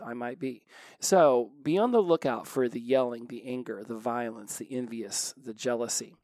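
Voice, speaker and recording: A man in his forties speaks quickly and with energy in an easygoing motivational talk on recovery. His pitch sits in an ordinary middle range. The recording is dry and close. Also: dry recording. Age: 40s. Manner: animated, fast, keeps asking "right?".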